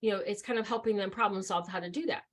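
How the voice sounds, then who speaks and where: A woman's voice: medium pitch, fast, a bit bright. Woman trainer talking casually. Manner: conversational, lots of fillers and restarts. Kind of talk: presenting a training session.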